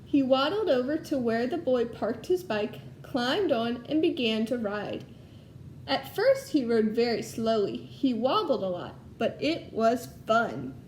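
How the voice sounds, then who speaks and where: Patient first grade teacher reading aloud, high voice, unhurried, echoey room. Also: female voice, sing-song, a little mellow, a little hiss or hum. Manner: patient, explaining to young children. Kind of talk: recorded lesson with storybook read-aloud.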